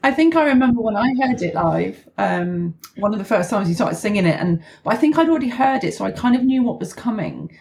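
A woman guest in a casual podcast chat, giggly and animated, acting out reactions. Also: mid-range voice, a little fast, gravelly, few pauses, a little hiss or hum.

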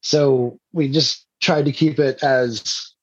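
A man's voice: mid-range voice, fairly even intonation, slow, slightly rough, lo-fi sound. A man, an indie filmmaker, telling rambling stories in a casual interview and laughing often.

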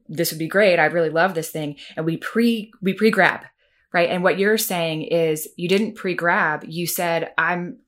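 Enthusiastic low-voiced woman host. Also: fairly bright tone. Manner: enthusiastic and emphatic, with many restarts. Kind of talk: casual podcast chat.

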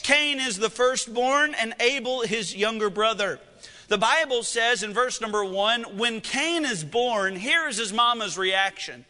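A man preaching a sermon as pastor, swinging from loud, excited lines to hushed, slow ones. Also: very high voice, big-room sound.

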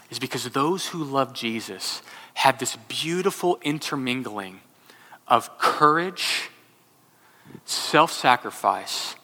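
A man preaching a sermon with a bright, forceful voice, a bit higher than most men. He moves from animated storytelling to hushed, solemn scripture reading. His voice carries through a hall with a long, lingering reverb. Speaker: pastor.

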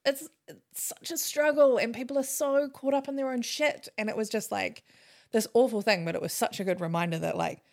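Young aussie woman co-hosting a podcast, bit of vocal fry, swears a lot, gets really animated telling a story. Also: fairly high pitch, fairly quick. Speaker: podcast co-host. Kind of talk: casual chat, storytelling.

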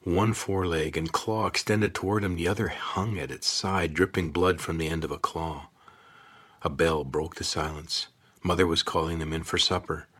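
Deep husky man reading a story. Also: steady tone, normal speed, fairly bright tone. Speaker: narrator. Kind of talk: audiobook narration.

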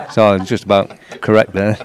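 A man's voice: on the low side, very noisy. A man telling anecdotes as a chat show guest, hesitant, with many fillers.

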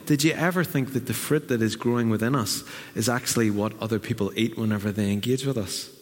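A man's voice: mid-range voice, brisk. A middle-aged man, preaching a sermon as pastor with earnest delivery and vivid acted asides. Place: church hall. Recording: long reverb of a church hall.

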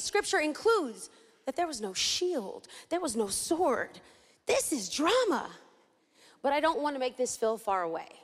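A high-pitched woman from East Los Angeles delivers a sermon with theatrical flair, acting out little scenes as she teaches. Her voice rings with a long reverb from a large hall. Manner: dramatic and animated, acts out scenes. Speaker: Bible teacher.

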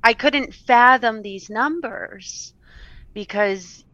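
A woman's voice: fairly high pitch, sharp tone, no room sound, lo-fi sound. A woman telling her personal story as an interview guest, earnest and sometimes close to tears. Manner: earnest, tearful at times, quick laughs.

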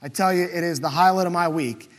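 A man's voice: high-pitched, fast talker, in a large hall. A man preaching a conversational sermon as pastor, posing questions aloud to the congregation.

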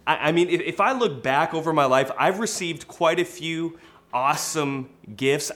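Energetic male pastor, slightly high voice. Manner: energetic storytelling with sudden loud exclaims. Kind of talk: sermon. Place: church.

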